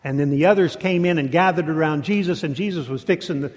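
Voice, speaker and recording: Storytelling preacher in a reverberant hall. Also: male voice, fairly high pitch, quick pace. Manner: animated storytelling with repetitions. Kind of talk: sermon.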